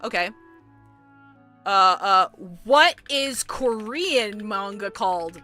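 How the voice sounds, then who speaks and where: Bright-voiced agitated woman streamer. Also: medium pitch, expressive, takes it slowly, no echo, faint music behind. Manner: rambling, frustrated, apologetic, many restarts. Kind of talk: casual live-stream chat with viewers.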